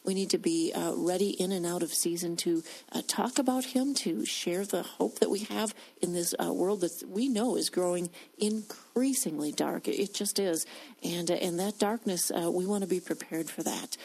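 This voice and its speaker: A woman with a lowish voice talks earnestly about faith. She often pauses with hesitant fillers as she gathers her thoughts. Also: gravelly, a little mellow, rough recording. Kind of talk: Christian discussion.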